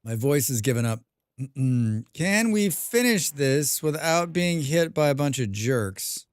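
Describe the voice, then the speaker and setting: A man's voice: a little high, expressive, a little slow, clear, resonant tone, dry recording. A man live-streaming a survival game, reading viewer chat aloud and answering with dry, rambling jokes, humming and mumbling to himself in between.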